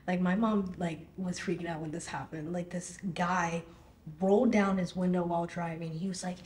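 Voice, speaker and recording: A young woman, a singer, talking casually in an interview, full of "like" and lively quoted reactions. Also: mid-range voice. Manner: chatty, fillers of "like", animated quoting of others. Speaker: singer guest. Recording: roomy echo.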